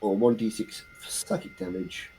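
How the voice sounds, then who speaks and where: A man's voice: medium pitch, big pitch swings, measured pace, creaky, mellow, a little hiss or hum, rough recording. A man playing a tabletop game, playful and rambling, groping for game terms. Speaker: player. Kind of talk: casual tabletop play.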